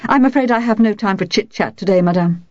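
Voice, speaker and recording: A woman voicing a stiff, pompous male priest who speaks with cold, sharp dignity. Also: mid-range voice, fast, no room sound, lo-fi sound, voice pushed up, lightly acted. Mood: stern.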